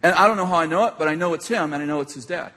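A man preaching a sermon as an animated storyteller, laughing often as he tells a story to a hall audience. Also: on the high side, racing. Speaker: pastor. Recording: echoey hall.

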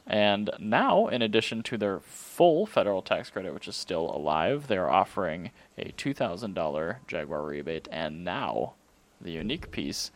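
A man co-hosting a casual car podcast, dry and teasing, firing off quick quips. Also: lowish voice. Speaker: podcast co-host.

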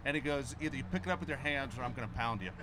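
Fast-talking male co-host over a crowd. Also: medium pitch. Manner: fast, lively storyteller. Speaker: radio show co-host. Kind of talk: casual chat.

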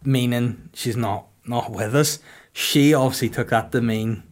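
Northern Irish man, crude deadpan jokes. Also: mid-range voice, a little slow. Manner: crude, deadpan comic storytelling. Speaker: podcast host. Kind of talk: casual comedic podcast chat.

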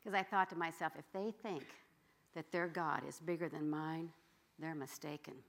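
A middle-aged woman preacher telling a story in a sermon, swinging from loud exclamations to hushed whispers. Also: low voice, fairly even intonation, moderate pace, vocal fry.

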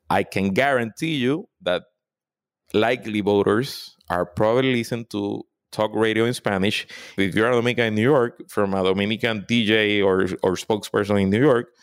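Guy talking politics on a podcast, lowish voice, dry close mic, pushes his points hard. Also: no room sound. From Puerto Rico. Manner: emphatic, animated, repeats for stress. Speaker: political consultant guest. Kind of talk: podcast interview.

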